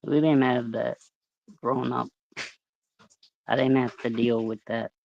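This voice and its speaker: Person in their forties, mid-range voice, dry, lo-fi sound, relaxed casual chat. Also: mid-range voice, a little slow, vocal fry, no echo. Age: 40s. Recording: dull lo-fi sound.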